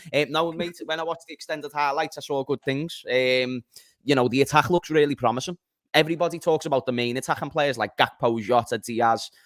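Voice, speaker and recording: A man's voice: medium pitch, fairly bright tone, no echo, studio quality. Laid-back man with a London accent. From Liverpool, England. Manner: laid-back, jokey banter with local slang. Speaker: panelist. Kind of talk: casual football chat.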